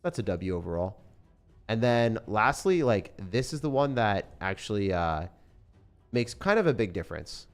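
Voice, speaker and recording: A young man streaming a game, chatting casually in a relaxed, rambling way with lots of fillers. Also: fairly low pitch, moderate pace, faint music behind. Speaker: gaming streamer. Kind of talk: casual sponsored stream chat.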